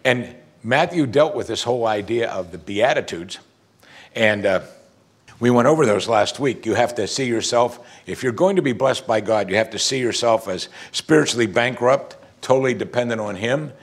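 A man's voice: medium pitch, lively intonation, normal speed, breathy edge. A man preaching a sermon as pastor, emphatic, using rhetorical questions and musing hums between points.

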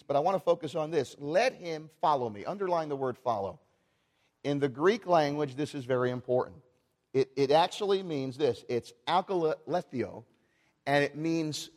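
Animated high-voiced male preacher in a church. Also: long reverb tail. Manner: animated preaching with rhetorical questions to the congregation. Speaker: pastor. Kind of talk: sermon.

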